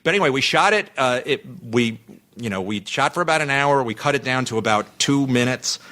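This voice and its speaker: A man's voice: mid-range voice, expressive, brisk, sharp tone. A man chatting as a podcast guest, telling a rambling anecdote full of restarts and self-interruptions.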